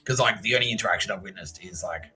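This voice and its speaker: A man's voice: sits low, racing, poor audio. A man with an Australian accent hosting a podcast, telling a long story in a casual, rambling way, swearing freely and laughing at his own tale. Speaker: podcast host.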